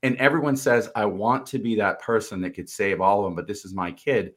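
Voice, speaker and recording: A man's voice: fairly low pitch, steady tone, a little fast, a bit bright. A man with a Boston accent co-hosting a motivational podcast, telling stories earnestly in casual speech with the odd swear word. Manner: storytelling, earnest, loose profanity. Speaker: podcast co-host.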